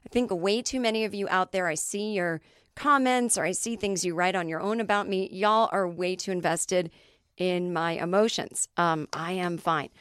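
A woman's voice: fairly low pitch, normal speed, a bit bright, clear, resonant tone, no echo, studio quality. A woman comedian hosting her podcast, telling a rambling story with self-deprecating asides. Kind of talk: solo comedic monologue.

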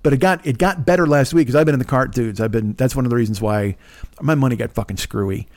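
A man in his fifties hosting a podcast, rambling in a casual, profane monologue with sarcastic asides and a smooth voice. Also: medium pitch, quick pace, darkish tone. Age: 50s. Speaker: podcast host.

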